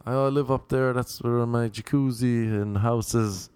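A man's voice: mid-range voice, steady tone, measured pace, a little mellow, clear, resonant tone, no room sound. A young Irish man telling a rambling, self-mocking anecdote in casual chat, slipping into voices for the people he quotes. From Ireland. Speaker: storyteller.

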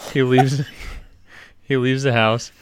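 A woman co-hosting a podcast, riffing on a story in a giggly, animated way. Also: extremely low pitch, smooth, dry recording. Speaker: podcast co-host. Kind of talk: casual chat. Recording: audible background noise.

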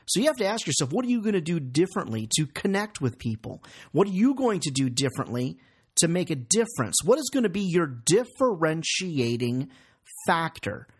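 A man in his forties, a sales coach giving an energetic, emphatic training talk full of rhetorical questions. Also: fairly high pitch, a little fast, slightly rough.

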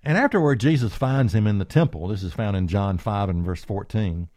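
Man preaching a sermon, earnest and emphatic, mellow low-key tone, dry sound. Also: animated, fairly quick, dry recording. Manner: earnest, emphatic, quotes scripture aloud.

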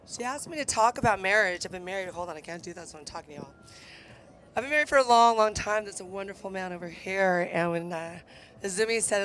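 A woman's voice: medium pitch, fast, slight background noise. Emotional woman speaking at a wedding. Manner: warm, emotional, chatty with the crowd. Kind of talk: speech and poetry reading at a wedding. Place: outdoor desert gathering. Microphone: handheld microphone close to the mouth.

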